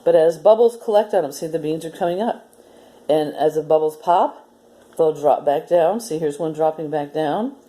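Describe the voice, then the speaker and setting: A woman with a deep voice hosts a children's story time at a normal speed. She reads a story aloud and gently explains a simple demonstration step by step.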